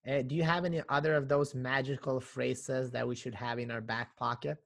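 A man's voice: mid-range voice, flat delivery, a little fast, vocal fry, a bit bright. A man hosts a podcast interview in a mid-range voice. He affirms what the guest says and asks his questions with small restarts. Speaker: podcast host.

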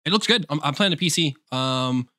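A man on a podcast mic who talks in an animated, joking way, laughing as he goes and swearing without a second thought. His voice sits a touch high and rings bright, and the sound is dry and close. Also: fairly quick, dry recording. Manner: animated, laughing, cursing freely. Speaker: podcast co-host. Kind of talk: casual podcast chat.

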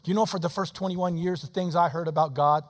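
A man in his sixties preaches an altar call in a church, his voice sitting high for a man. He drops to soft pleading and then rises to shouting. The sound carries a long hall reverb. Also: steady tone, a little fast. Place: church sanctuary.

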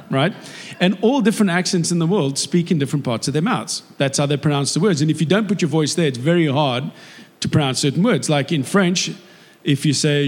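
A man gives a sermon in a fairly high voice, chatty and joking as he talks to the congregation. His voice rings out through a hall with a long reverb. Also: brisk. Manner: chatty, jokey and animated, with laughs. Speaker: preacher. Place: church hall.

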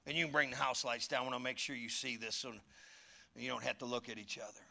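A man's voice: mid-range voice, steady tone, fast, gravelly, bright, forceful tone. A pastor preaching a sermon in a church, folksy and emphatic, building in fervor as he teaches. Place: church sanctuary.

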